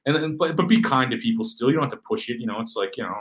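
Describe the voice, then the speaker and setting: A man chatting as a podcast guest, animated and swearing, acting out voices and often saying "bro". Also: mid-range voice, rapid-fire, low-quality recording. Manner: animated, swears, acts out quoted voices, says "bro" a lot. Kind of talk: casual chat.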